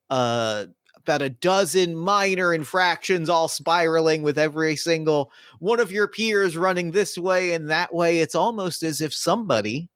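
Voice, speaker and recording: A man narrating and playing in a tabletop role-playing game, animated and cursing in frustration. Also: fairly high pitch, clear, resonant tone, no room sound, clean studio sound. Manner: animated, swearing, laughing. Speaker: player or game master.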